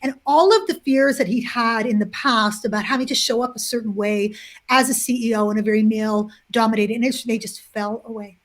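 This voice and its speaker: A woman author, the interview guest, telling a long story in an animated way, with many restarts and fillers. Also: on the high side, brisk.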